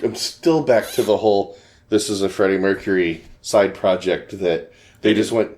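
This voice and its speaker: A man's voice: on the low side, normal speed, darkish tone. A man co-hosting a casual podcast about an album, joking and laughing often. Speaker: podcast co-host. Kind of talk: casual chat about music.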